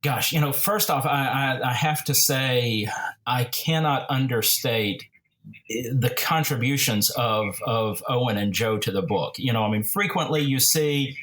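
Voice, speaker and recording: A man of middle pitch talks as a podcast guest about his book. He rambles with restarts and fillers, growing animated as he tells his stories. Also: a little slow. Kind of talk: casual interview talk.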